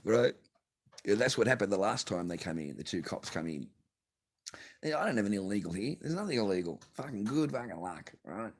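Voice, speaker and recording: A man's voice: lowish voice, big pitch swings, brisk. An Australian man vlogging from his garage, telling a rambling, swear-filled story with bursts of laughter. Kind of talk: casual profane rant to camera. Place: home garage.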